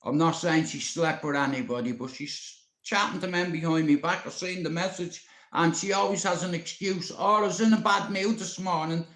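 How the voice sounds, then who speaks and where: A man's voice: on the high side, fairly even intonation, normal speed, hardly any pauses, fairly bright tone. Upset Irish man ranting, echoey sound. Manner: upset, rambling, swears often, addresses a friend. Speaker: live streamer. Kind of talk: emotional live-stream rant.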